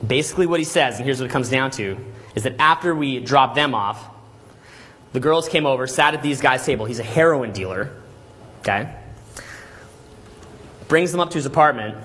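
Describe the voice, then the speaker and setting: A man telling a story to a class as a dating coach, animated and constantly checking in with "right?" and "okay?". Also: medium pitch, moderate pace, pauses often, a little hiss or hum. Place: Los Angeles.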